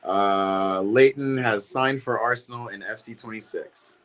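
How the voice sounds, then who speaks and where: A young man hosts a livestream watch party, offering casual football commentary as he reacts to the match and greets viewers in chat. His voice is lowish and a bit bright, and he speaks a little slowly.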